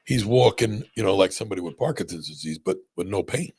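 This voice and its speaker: Brief: male surgeon host, very deep gravelly voice, chatty storyteller. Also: fast. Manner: animated storyteller, many restarts and "right?" checks. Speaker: spine surgeon and podcast host. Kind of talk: casual podcast conversation.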